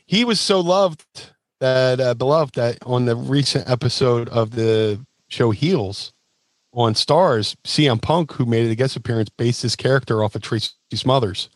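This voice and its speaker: Man, guest storyteller, animated, acts out voices, dry close sound. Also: medium pitch, a little slow, dry recording. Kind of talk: casual storytelling.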